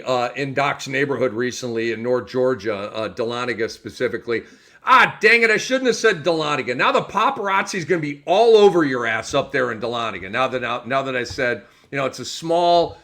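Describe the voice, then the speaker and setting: A man hosting a fantasy basketball podcast, energetic and joking, with many fillers and restarts. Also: mid-range voice, normal speed. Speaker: podcast host. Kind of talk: casual sports podcast chat.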